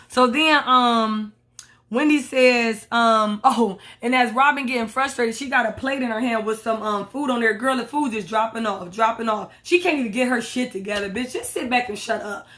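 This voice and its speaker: A woman's voice: a little high, moderate pace, a bit bright. A woman recapping reality TV in a blunt, sassy, profane commentary. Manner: sassy, blunt, swears a lot. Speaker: reality TV reviewer.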